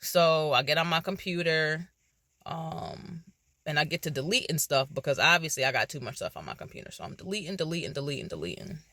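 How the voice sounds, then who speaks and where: A woman vlogger telling a personal faith story in casual, animated speech, acting out her own reactions. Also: low-pitched, a little fast, no echo.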